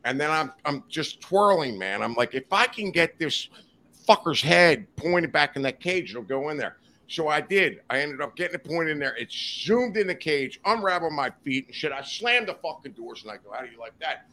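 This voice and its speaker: A man with a higher-leaning voice, speaking at a moderate pace, recounts a wild story as a podcast guest, swearing and laughing along the way. The studio setting has slight background noise, and his storytelling is casual and animated.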